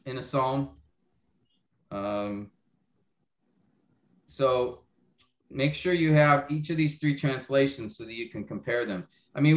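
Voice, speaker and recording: A man's voice: medium pitch, reverberant. A man teaching a Bible class over a video call, explaining step by step and often checking that students follow. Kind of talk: online class lecture.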